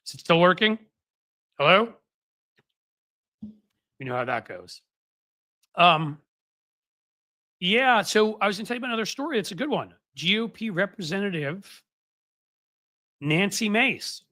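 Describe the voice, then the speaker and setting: Bright, chatty live-stream host. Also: male voice, high-pitched, expressive, a little slow, long pauses, no echo. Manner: rambling, chatty, many fillers and restarts. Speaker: political commentary host. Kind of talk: casual live-stream chat. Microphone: desk microphone.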